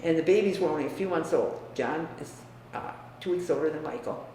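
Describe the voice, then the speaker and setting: A woman's voice: deep voice, fairly quick. Older woman in an echoey room. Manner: frank, emphatic, trails into quiet. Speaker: interviewee. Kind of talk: family reminiscence. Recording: echoey room, distant mic, faint hiss.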